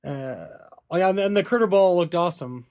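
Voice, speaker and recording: A man's voice: high-pitched, expressive, fairly quick, a little mellow. A man co-hosting a casual podcast, rambling through a movie recap with laughs and crude jokes. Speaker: podcast co-host. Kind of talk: casual movie discussion chat.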